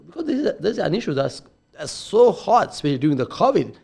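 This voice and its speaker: A middle-aged man on a podcast, speaking earnestly with many repeated words and halting restarts. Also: high-pitched, very animated, creaky, darkish tone, husky. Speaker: podcast co-host. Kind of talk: casual podcast discussion.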